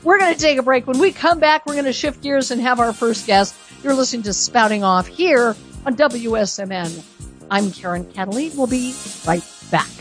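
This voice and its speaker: A woman hosting a radio talk show, delivering an opinionated monologue full of sarcasm and emphatic jumps in pitch, at a studio microphone. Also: normal speed, soft background music.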